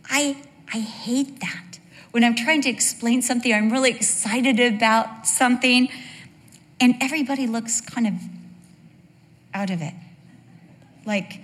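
A woman with a slightly high voice tells stories to a congregation in a candid, humorous way, breaking off for quick asides. Her talk carries a long reverb from a large hall. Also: fairly bright tone. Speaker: pastor's wife speaking to a congregation. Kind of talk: conversational church talk.

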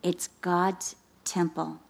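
Taking her time and with some vocal fry, a woman preaches at a women's Christian gathering using personal stories. She tells them with animation, acting out conversations as her pitch climbs.

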